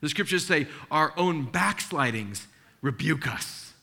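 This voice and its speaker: Man, pastor, middle-aged, sermon, animated storyteller, earnest, bright tone, fairly high pitch. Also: measured pace, vocal fry. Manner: animated storytelling, acting out dialogue; earnest and emotional.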